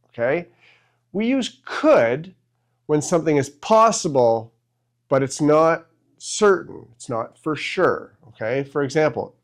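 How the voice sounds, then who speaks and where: Male ESL teacher, unhurried delivery, animated pitch, patient and clear, checks in with "okay?" constantly. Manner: slow, patient, ends points with "okay?". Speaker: English teacher. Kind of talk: ESL grammar lesson.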